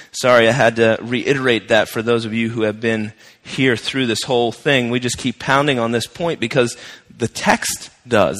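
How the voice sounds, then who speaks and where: A man's voice: medium pitch, fairly bright tone, in a large hall. A male pastor preaching a sermon in a conversational, emphatic way, repeating his key phrases.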